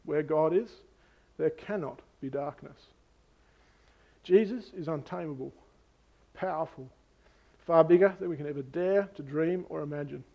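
A man preaching an Easter sermon in an earnest way, slowing down to read scripture passages. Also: a little high, creaky, muffled recording. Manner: earnest, reads scripture slowly.

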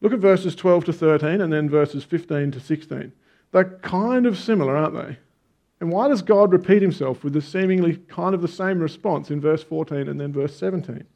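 A man's voice: on the high side, moderate pace, gravelly, darkish tone. A man preaching a conversational sermon, telling stories with emphatic stresses. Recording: dull lo-fi sound.

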